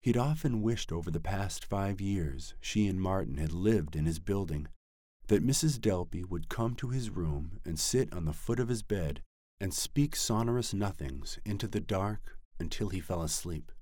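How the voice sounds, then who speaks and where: A man reading a novel aloud as narrator in a measured, even storytelling manner. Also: low voice, no echo, studio quality. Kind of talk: scripted audiobook narration.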